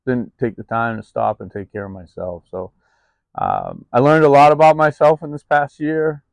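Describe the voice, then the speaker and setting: A man's voice: mid-range voice, expressive, normal speed, vocal fry, no echo. A man talking candidly in a personal vlog, rambling and confessional with many ums and restarts, recorded outdoors in the cold. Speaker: vlogger.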